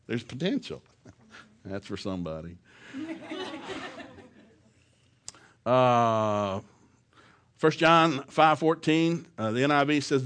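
A man preaching a sermon to a congregation in a folksy, emphatic way, rising to loud, fervent peaks as he quotes scripture and chuckling between lines. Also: medium pitch. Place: church service before a congregation.

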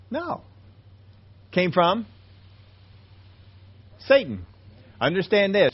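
Man, pastor, sermon, fairly high voice, hushed to emphatic, dull lo-fi sound. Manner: preaching, swinging between hushed low tones and raised emphatic lines.

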